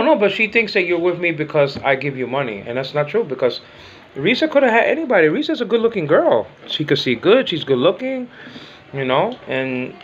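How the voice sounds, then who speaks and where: A man's voice: fairly high pitch, fairly bright tone, muffled recording, slight background noise. An older man whose first language is Spanish, chatting casually in a home vlog, rambling and repeating himself, teasing and affectionate. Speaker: vlogger.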